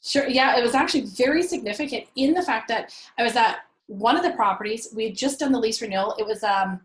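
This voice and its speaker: A woman, a real estate investor and landlord, telling an animated story about her rental properties, acting out what people said. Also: fairly high pitch, fast talker, roomy sound, low-quality recording. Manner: animated, acts out her own past quotes. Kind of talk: conversational storytelling.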